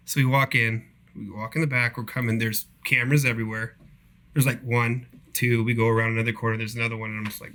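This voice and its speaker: A man casually telling profane, animated stories about his cable installer job. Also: mid-range voice, brisk. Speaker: podcast guest, cable installer. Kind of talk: casual storytelling.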